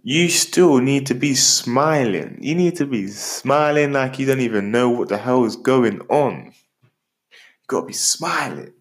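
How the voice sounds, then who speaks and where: A man from Britain hosting a motivational podcast, talking straight to the listener in an animated, jokey way. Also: mid-range voice, unhurried. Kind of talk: upbeat motivational talk.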